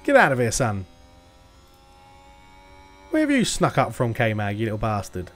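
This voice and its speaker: A man commentating his racing management game, excitable, swearing and shouting at the cars on screen. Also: mid-range voice, a little slow, faint music behind. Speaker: gaming YouTuber.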